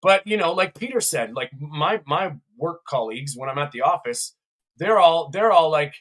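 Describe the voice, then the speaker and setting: A man's voice: fairly high pitch, expressive, normal speed, fairly bright tone. Laid-back male podcast host. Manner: laid-back, chatty, laughs often. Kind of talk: casual podcast chat.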